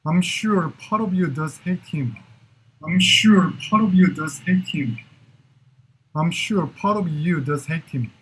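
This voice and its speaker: A man shadows English drama dialogue, repeating each phrase many times. His voice is husky and sits a little high, and he speaks slowly and with care. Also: rough recording. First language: Korean. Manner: repeats short phrases again and again, slow and careful. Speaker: English learner. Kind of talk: shadowing drills of drama lines.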